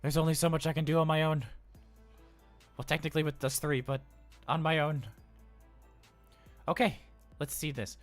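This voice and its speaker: A man's voice: a little high, flat delivery, normal speed, long pauses, soft background music, close to an everyday voice. A man voicing an anxious, cheerful male robot daycare attendant on a live role-play stream, chatty and flustered, rambling with stammers. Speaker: livestream role-player.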